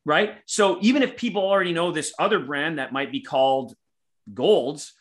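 A man's voice: a little high, normal speed. Emphatic man coaching on sales. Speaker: podcast co-host, sales mentor. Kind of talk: podcast conversation.

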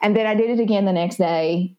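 A woman's voice: medium pitch, fast talker, muffled recording. A woman with a Southern American accent, a psychotherapist guest talking casually on a podcast and acting out quotes as she tells stories. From Southern United States. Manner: animated storyteller who acts out quotes.

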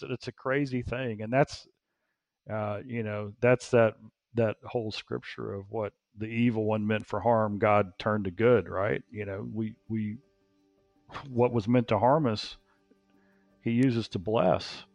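A man speaking as an interview guest, a business coach who talks in an animated way, repeating phrases and laughing often. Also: lowish voice, unhurried, no echo, faint music behind. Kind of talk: casual interview talk.

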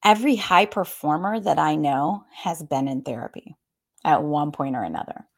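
A woman's voice: low voice, expressive, normal speed, vocal fry. A woman who is a group fitness instructor, giving a candid, conversational motivational talk and speaking straight to her listeners. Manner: warm, candid, addresses listeners directly as y'all; laughs between points, conversational.

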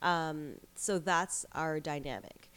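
A woman's voice: sits low, slow pace, a bit bright, clear, resonant tone. A woman in her thirties in a casual chat as a guest, telling stories with lots of likes and you-knows. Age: 30s. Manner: chatty storyteller, many likes and you-knows.

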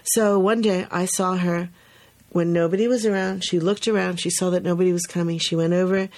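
A woman co-hosting a podcast about early childhood, telling a story in a casual, animated way and laughing often. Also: fairly low pitch, fairly quick.

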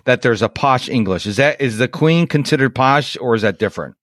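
A man's voice: mid-range voice, lively intonation, brisk, fairly bright tone, no room sound, studio quality. An American man hosting a podcast, chatting casually and eagerly, often repeating himself. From Rochester, New York. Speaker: podcast host. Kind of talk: casual interview chat.

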